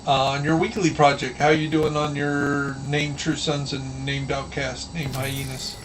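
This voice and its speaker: A man's voice: on the high side, flat delivery, measured pace. A man streaming a game, chatting casually and telling folksy stories with a drawl. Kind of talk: casual chat while gaming. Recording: distant mic with faint background noise.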